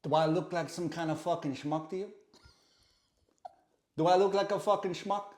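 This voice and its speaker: A swearing American tough guy fires off indignant questions, as a man puts him on. The voice is pushed higher and louder than a man's usual talk. It sounds roomy, as if in an echoey room. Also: fairly even intonation, moderate pace, natural voice. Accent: American impression. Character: gruff angry male film tough guy, swearing.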